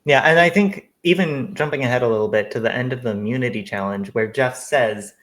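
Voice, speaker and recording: Male podcast guest, mid-pitched, wry and questioning, recorded in a roomy, echoey space. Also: a little fast, few pauses, a bit bright. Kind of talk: casual chat.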